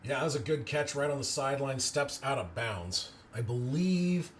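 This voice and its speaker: In his amateur live play-by-play of a football match, he's excitable, erupts in loud cheers, and talks with viewers between plays. Medium pitch, moderate pace, and a faint hiss or hum mark the audio.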